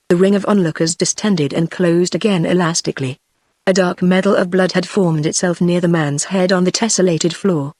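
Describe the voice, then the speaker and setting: A text-to-speech woman's voice with a British English accent, reading an audiobook in an even, measured way. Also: lowish voice, no echo. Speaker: audiobook narrator. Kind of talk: synthetic audiobook narration.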